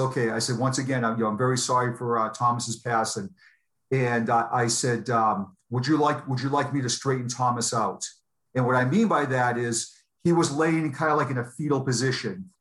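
A man from New England, a retired sheriff's deputy, telling a personal story in an interview in an earnest, heartfelt way with halting restarts. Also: mid-range voice, a bit bright. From Boston area, New England.

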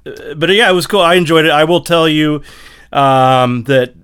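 A man's voice: on the high side, moderate pace, a bit bright, clean tone. A man, co-hosting a casual sports podcast, rambling and restarting his sentences. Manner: rambling, repeats words, many restarts. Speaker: podcast co-host.

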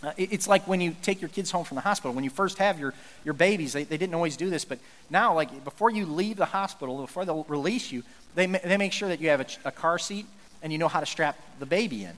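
A man's voice: a little high, fast talker, a bit bright, big-room sound. A male pastor giving an earnest, conversational sermon, often restarting his sentences.

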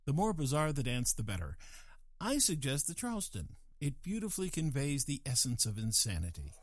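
A man's voice: mid-range voice, very animated, fairly quick, dry recording. Dry-voiced older man with a wry comic monologue. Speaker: comedic host.

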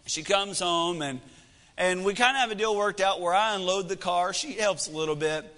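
A man's voice: high-pitched, normal speed, bright, forceful tone. A man in his thirties preaching a sermon, telling a family story in a folksy, joking, self-deprecating way. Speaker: pastor. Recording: echoey hall reverb.

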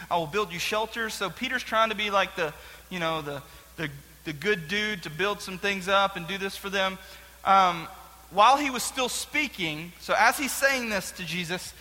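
Young guy youth pastor, high bright voice, chatty and jokey bible lesson, echoey hall. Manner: chatty, joking, animated. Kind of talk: casual Bible teaching to a group. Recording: long hall reverb.

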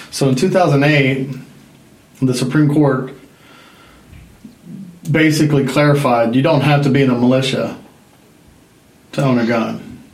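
A man with an average-pitched voice co-hosts a casual political talk show. He talks conversationally and pauses to search for words. His voice carries a noticeable room echo. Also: a little mellow. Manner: conversational, with hesitations. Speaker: podcast co-host.

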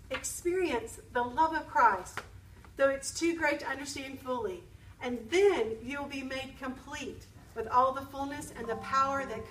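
A woman delivers an emphatic sermon, repeating phrases and checking in with her listeners. Her voice sits high and lively. It carries through a reverberant room, picked up from some distance with faint background noise. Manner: emphatic, repeats key phrases, asks the audience questions. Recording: echoey room, speaker away from the mic.

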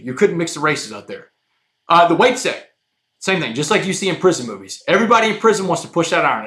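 The voice sits on the high side as a Texas guest dramatically relates a personal story in a room with a roomy echo. Animated throughout, he addresses the host again and again and leans heavily on "man."

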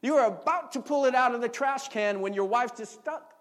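High-voiced preacher calling out to the congregation. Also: male voice, a little fast. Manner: call-and-response, repeats words, animated storytelling. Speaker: pastor. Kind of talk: sermon.

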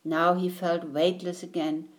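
A woman reading a children's picture book aloud in a gentle, deliberate storytelling manner. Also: fairly low pitch, little pitch movement.

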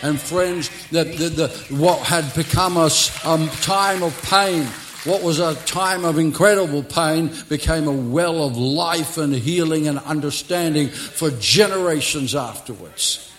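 A man's voice: on the high side, measured pace, slight background noise. Impassioned male pastor preaching. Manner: impassioned preaching with sudden swings between loud and soft. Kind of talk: sermon. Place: church service.

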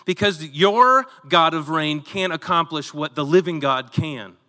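Animated high-voiced preacher, echoing hall. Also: male voice, a little slow. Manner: animated storytelling, acts out voices. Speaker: pastor. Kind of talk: sermon.

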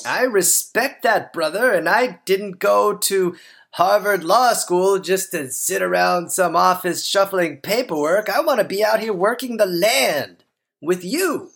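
A woman's voice: medium pitch, lively intonation, unhurried, gravelly. A woman playing a smug male farmer who sells to visitors in a hammy, sly way, in a comedy improv sketch. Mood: earnest. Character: smug male farmer brother, showy fake humility.

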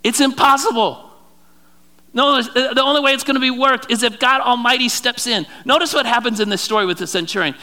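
A male pastor preaching a sermon in an animated way, often repeating words and slowing down for dramatic emphasis. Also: very high-pitched.

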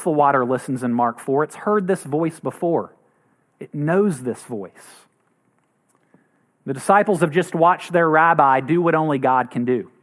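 Guy preaching a sermon, pastor voice, kinda high, earnest. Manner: earnest, acts out quoted voices with rising pitch.

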